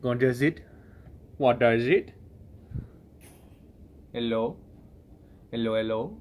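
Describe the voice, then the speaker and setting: Slow, teasing man talking to his pet. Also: medium pitch, darkish tone, slight background noise. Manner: teasing, profane baby-talk to an animal. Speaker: pet owner filming his pet. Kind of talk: casual talk to a pet. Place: indoors at home.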